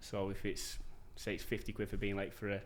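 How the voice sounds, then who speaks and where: A man's voice: fairly low pitch, completely flat delivery, fairly quick, slight background noise. A man, telling stories as a podcast guest in a laid-back, sweary way. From England. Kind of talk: casual chat.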